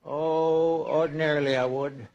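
A man's voice: a little high, fairly even intonation, measured pace, a crowd in the background, lightly acted. A man playing a folksy older small-town man in a 1940s radio drama, with an easygoing drawl. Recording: dull old radio transcription.

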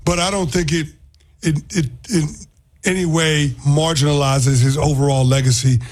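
A man who is a former football player, co-hosting a sports talk show in a measured, analytical way. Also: fairly high pitch, steady tone.

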